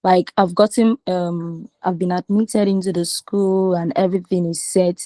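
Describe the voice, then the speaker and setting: A woman participant politely asking a question in a slow, hesitant way. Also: fairly low pitch, steady tone, warm tone, no room sound. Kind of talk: question in an online session.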